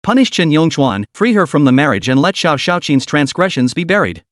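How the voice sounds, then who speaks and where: A man's voice: on the high side, a little fast, dry recording, clean studio sound. A man narrating a dramatic story recap in a scripted reading voice. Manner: lively storytelling, reads all characters' lines himself.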